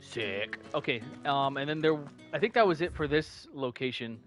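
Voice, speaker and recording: A man's voice: mid-range voice, expressive, normal speed, a bit bright. Chatty male gaming streamer. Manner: chatty, rambling, many fillers and restarts. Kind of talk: casual let's-play commentary. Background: game music.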